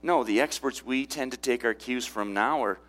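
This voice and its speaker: A man's voice: mid-range voice, moderate pace, fairly bright tone. A man preaching a sermon in a conversational way, often asking rhetorical questions of his listeners. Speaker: pastor.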